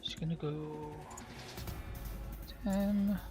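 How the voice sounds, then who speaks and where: D&d player talking slowly, working stuff out, soft music behind. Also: medium pitch, steady tone. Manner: slow, thinking aloud. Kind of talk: tabletop game play.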